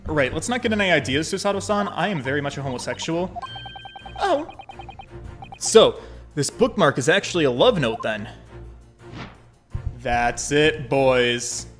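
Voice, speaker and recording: His let's-play commentary is joking and animated, laced with free swearing. This male streamer's high voice swoops widely, though he goes a little slow with long pauses, while faint music plays underneath.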